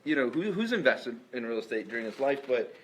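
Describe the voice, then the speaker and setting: Fast-talking male podcast host. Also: medium pitch, big pitch swings, slight background noise, rough recording. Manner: quick, anecdotal, ends phrases with "right?". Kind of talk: casual interview chat.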